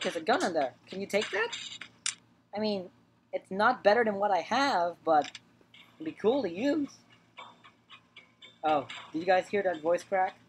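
Chatty woman doing game commentary, noisy. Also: on the low side. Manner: chatty, repeats words, talks to the game characters. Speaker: gaming channel host. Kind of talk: let's play commentary.

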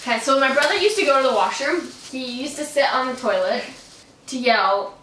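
A woman's voice: high voice, expressive, a little fast, a bit bright, distant mic, a little hiss or hum. A young woman vlogger chatting casually and telling stories with a lot of giggles and "like"s. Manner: giggly, storytelling, lots of "like". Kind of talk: casual chat. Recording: echoey room, off-mic.

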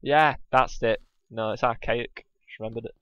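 Co-hosting a let's play at a normal speed, this man has a medium-pitched, steady voice and keeps up a casual, jokey banter. He cracks himself up frequently and slips into goofy voices, and the audio is dull and lo-fi with faint background music.

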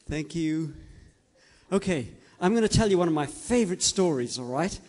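Gentle and coaxing, a man narrates a story for children, pausing to check in with them. His slightly high voice has lively intonation and a moderate pace, and a long echo fills the big hall around him.

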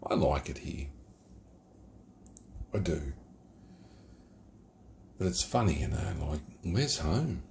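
A middle-aged man with an Australian accent, his voice very deep and gravelly. He rambles casually and drifts into reflection, cursing freely. Faint night noise sits behind him. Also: takes it slowly, long pauses, a little mellow. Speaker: beer reviewer. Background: geckos and night ambience.

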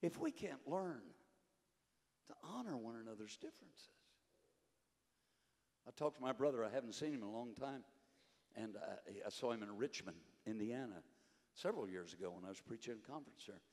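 An older man preaching a sermon, fervent, rising to shouts and dropping low. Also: expressive, moderate pace, long pauses. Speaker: conference preacher. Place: church sanctuary. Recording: long hall reverb, faint music behind.

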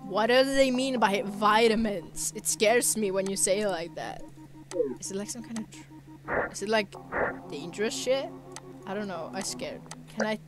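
A woman's voice: mid-range voice, moderate pace. A young woman casually commenting as she plays a game, playful and mischievous, often trailing off mid-sentence. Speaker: gamer. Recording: loud game music behind. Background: game music.

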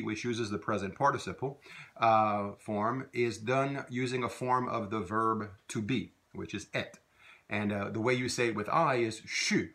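A man teaching a video language lesson, patiently repeating phrases slowly for learners to copy. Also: medium pitch, bright, forceful tone.

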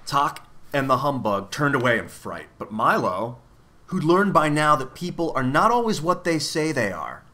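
Bright, expressive male storyteller for a children's audiobook. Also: mid-range voice, normal speed. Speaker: reader. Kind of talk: reading a children's novel aloud.

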